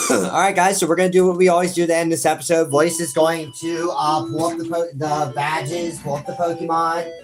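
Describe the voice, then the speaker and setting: A man's voice: a little high, steady tone, moderate pace. Rowdy, joking gaming guy over game music. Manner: rowdy, joking, swears, calls everyone bro and buddy. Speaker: gaming channel host. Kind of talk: casual let's-play banter. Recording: music playing behind the voice.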